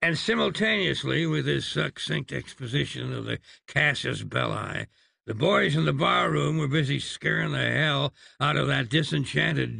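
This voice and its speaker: Gravelly, husky male storyteller. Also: medium pitch, sharp tone, dry recording, clean studio sound. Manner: wry, measured storytelling. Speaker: narrator. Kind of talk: audiobook narration.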